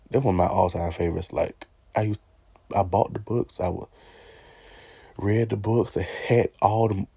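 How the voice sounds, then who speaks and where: Gravelly low-voiced young man. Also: dry recording. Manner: animated, talks back to characters, laughs often. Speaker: vlogger ranking favorite movies. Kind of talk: casual chat.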